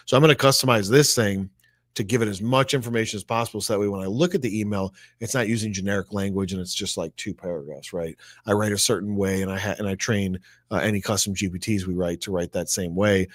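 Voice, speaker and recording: A man's voice: on the low side, fairly even intonation, quick pace, dry recording, studio quality. A man co-hosting a casual tech discussion, thinking aloud and often tagging his points with "right?". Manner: chatty, thinks aloud, asks rhetorical "right?". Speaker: co-host.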